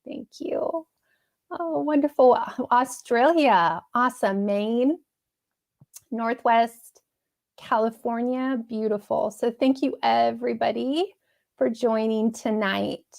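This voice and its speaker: A woman's voice: on the high side, slow pace, gravelly, a little mellow. A woman hosting a casual live-streamed pep talk, chatty and upbeat, laughing often and reading viewer comments aloud.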